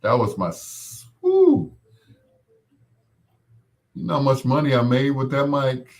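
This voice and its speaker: A man hosting a casual chat, animated and laughing often, calling people affectionate pet names. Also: mid-range voice, normal speed, creaky. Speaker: host.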